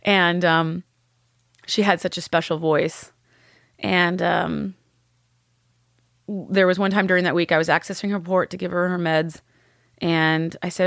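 A woman, a podcast guest, telling a painful personal story candidly, with halting restarts and blunt swearing. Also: on the low side, steady tone, creaky, a bit bright, no room sound, studio quality.

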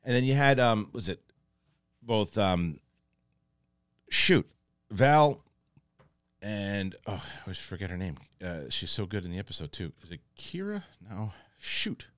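A man with a fairly low voice reviews a TV episode in a loose, rambling way. His pitch swings widely as he gets excited and acts out scenes. The sound is dry, with no room echo. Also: measured pace, pauses often. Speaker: TV show reviewer, host. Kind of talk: casual spoken review.

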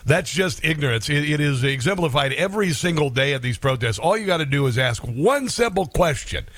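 A man's voice: fairly high pitch, lively intonation, fairly quick, fairly bright tone, no room sound. A man hosting a talk radio show, delivering a combative, sarcastic monologue with frequent chuckles.

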